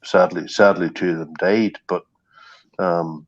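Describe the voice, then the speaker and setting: A man's voice: sits low, fairly even intonation, measured pace. A middle-aged man, chatting casually and profanely on an online call, full of ums and restarts. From Northern Ireland. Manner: rambling, profane, many ums. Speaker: stream co-host. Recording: dull lo-fi call audio.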